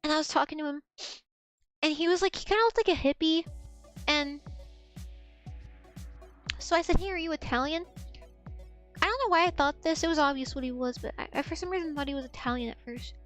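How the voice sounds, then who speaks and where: A woman in her twenties talks to her stream chat in a loose, rambling way, swearing freely and laughing as she drifts off track. Her voice sits high. Faint music plays underneath. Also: a little fast, long pauses, a bit bright. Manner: rambling, profane, loses her train of thought; laughs often.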